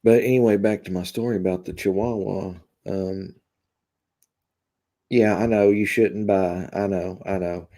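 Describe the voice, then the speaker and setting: A man hosting a live stream, chatting casually with viewers in a deadpan, rambling way full of fillers. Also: low-pitched, a little slow. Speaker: live-stream host reading chat.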